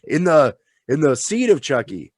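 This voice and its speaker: A man co-hosting a casual chat who talks in an excited, rambling, profane way and sounds tipsy. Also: fairly high pitch, moderate pace, dry recording, studio quality. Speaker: podcast co-host.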